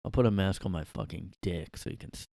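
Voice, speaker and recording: A man's voice: sits low, quick pace, vocal fry, warm tone, no echo, studio quality. A man voicing a grudging boyfriend who gives in with exasperated, crude remarks.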